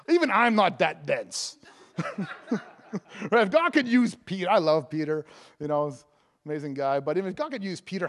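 High-voiced joking male preacher. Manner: jokey and conversational, laughing between points; heavy fillers and restarts. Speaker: evangelist preacher. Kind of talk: sermon.

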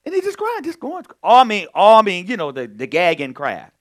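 Male pastor, conversational sermon delivery with emphatic swells, slightly higher voice. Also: huge pitch swings, moderate pace. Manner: conversational preaching, swings between quiet storytelling and loud emphatic points.

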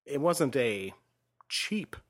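Guy talking through a movie remake, measured and explaining, gets quieter at the ends of phrases. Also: medium pitch, big pitch swings. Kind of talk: casual film discussion.

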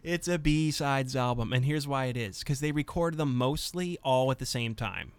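A man's voice: mid-range voice, moderate pace, smooth, no room sound. A man hosting a casual comedy podcast, rambling and cutting himself off mid-sentence as he jokes with his co-hosts. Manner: rambling, self-interrupting, joking. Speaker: podcast host.

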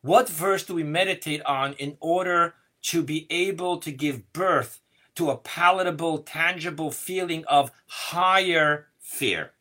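A man giving a deliberate, slowly paced lesson on Jewish mysticism, stressing key words as he explains. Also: a little high, pushed and bright. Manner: slow, deliberate explaining with rising emphasis. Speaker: teacher. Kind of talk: Kabbalah lesson.

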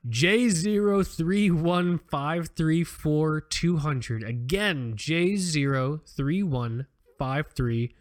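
A man co-hosting a podcast in casual chat, rambling and joking with plenty of restarts and fillers. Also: a little high. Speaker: podcast co-host.

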